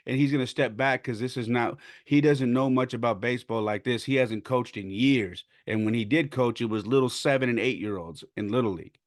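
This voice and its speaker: A man's voice: mid-range voice, a little fast, few pauses, dry recording, clean studio sound. A man hosting a podcast, venting in a casual, indignant storytelling style and acting out what others said. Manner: indignant, animated, acts out quotes. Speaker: podcast host.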